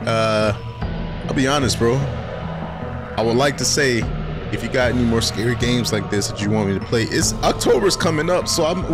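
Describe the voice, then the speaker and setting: A young man hosting a casual horror game let's play, talking in loose slang and getting jumpy and excitable when startled. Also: mid-range voice. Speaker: gaming channel host.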